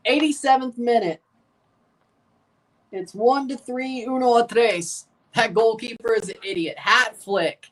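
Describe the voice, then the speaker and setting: A man streaming his live reaction to a football match, swinging between muttered grumbling and loud, exasperated shouts. He sits a little back from the microphone, so his voice comes across slightly distant. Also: very high-pitched, unhurried. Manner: excitable, exasperated, bursts into shouts. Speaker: watchalong streamer.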